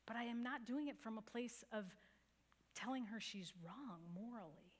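A woman's voice: a little high, normal speed. A woman pastor preaching a sermon, telling a story in an earnest, conversational way. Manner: earnest storytelling with a few soft laughs.

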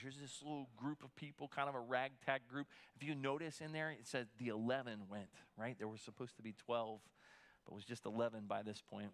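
A man's voice: medium pitch, a bit bright. A man preaching a sermon as pastor, conversational and given to repeating words as he restarts.

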